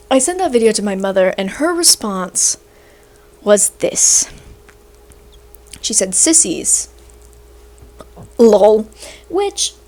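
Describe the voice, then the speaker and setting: A young woman hosting a video, ranting in a casual, sarcastic and rambling way, a little short of breath. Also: a little high. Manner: animated, sarcastic, rambling with fillers. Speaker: video host. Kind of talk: casual rant to camera.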